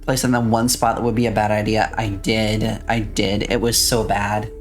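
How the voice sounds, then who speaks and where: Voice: medium pitch, level tone, moderate pace, soft background music. A streamer in a casual let's-play, chatting along and reading and answering viewers' messages aloud.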